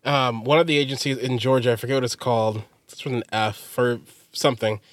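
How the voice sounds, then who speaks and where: A man's voice: mid-range voice, fairly even intonation, a little fast, dry recording, clean studio sound. A man co-hosting a podcast, rambling and joking in casual chat, laughing often. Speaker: podcast co-host.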